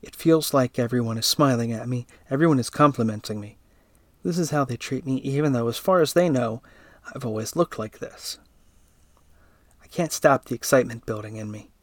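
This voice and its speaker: A man reading a first-person story aloud in a steady, even narrating voice. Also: mid-range voice, moderate pace, no echo.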